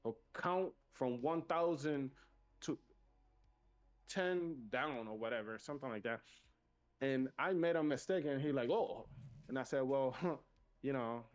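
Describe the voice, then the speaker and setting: A man's voice: medium pitch, unhurried, pauses often. A man with a non-native accent, co-hosting a podcast and telling a casual story animatedly, acting out both sides of a conversation. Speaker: podcast co-host.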